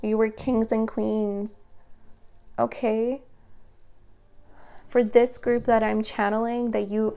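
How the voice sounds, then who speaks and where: A woman's voice: medium pitch, a little mellow, clean tone. A woman giving a spoken tarot reading, chatty and earnest as she talks straight to her viewers. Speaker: tarot reader.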